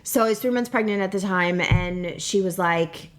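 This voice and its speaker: A woman in her thirties shares a painful personal story as a podcast guest. She talks in long, loose runs full of "like" and "you know." Her voice sits in an ordinary middle pitch, and she comes close to tears at times. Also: normal speed. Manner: talkative, many "like" and "you know" fillers, tearful at times.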